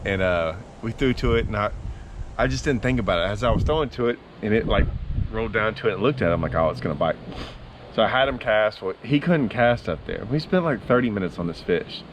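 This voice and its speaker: A man with a drawl spins a long, rambling yarn to his viewers, his voice sitting fairly low. He talks loosely and casually, as if from inside a vehicle, with a faint hum underneath. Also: expressive. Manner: rambling, drawn-out storyteller. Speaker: fishing vlogger. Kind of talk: casual storytelling to camera.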